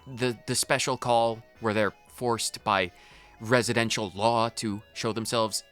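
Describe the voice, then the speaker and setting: A man's voice: fairly low pitch, fairly even intonation, measured pace, fairly bright tone, clean tone, soft background music, voice pushed down. A man voicing a flustered, kind female innkeeper who stammers and talks soothingly. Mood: hesitant, soothing.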